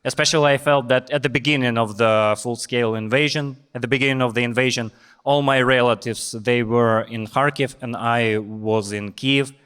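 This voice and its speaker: A young man with a Ukrainian accent doing deadpan stand-up comedy on a stage. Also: mid-range voice, moderate pace, clean tone. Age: young adult.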